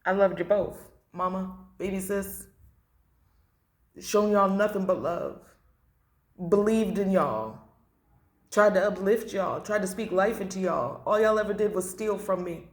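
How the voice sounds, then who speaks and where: A woman's voice: mid-range voice, measured pace. A woman doing a blunt, emotional tarot reading to camera, repeating phrases and swearing. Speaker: tarot reader. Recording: echoey room.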